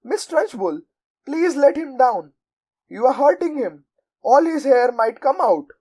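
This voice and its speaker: Woman voicing a kind young teacher, storybook, soft-spoken, pleading, anxious. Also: fairly high pitch, lively intonation, moderate pace.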